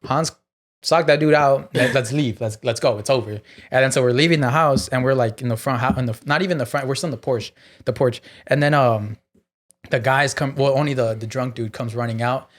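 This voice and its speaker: Brief: male comedian guest, mid-pitch, profane rambling anecdote teller. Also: a little fast. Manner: profane, filler-heavy storytelling with many "like"s. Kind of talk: casual podcast storytelling.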